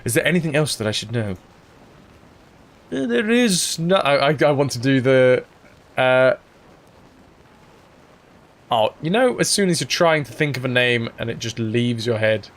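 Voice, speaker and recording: A man's voice: mid-range voice, expressive, measured pace, pauses often. A man chatting casually while streaming a role-playing game and thanking viewers.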